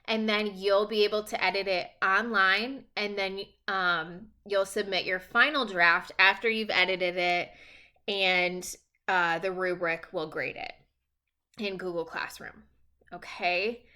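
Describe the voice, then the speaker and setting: A woman's voice: medium pitch, steady tone, measured pace, sharp tone, clear, resonant tone. A woman teacher recording casual, reassuring class instructions at home, checking in often with the students.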